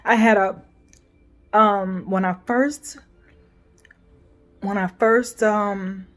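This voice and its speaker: Fairly even in intonation, this mid-range female voice belongs to a woman in her forties recounting a painful family rift for her vlog. Emotional and halting, she keeps restarting and softly trailing off.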